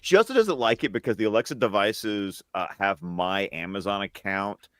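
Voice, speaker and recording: A man's voice: fairly low pitch, animated, moderate pace, fairly bright tone. A man co-hosting a podcast, telling an amused story in casual chat. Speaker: podcast co-host.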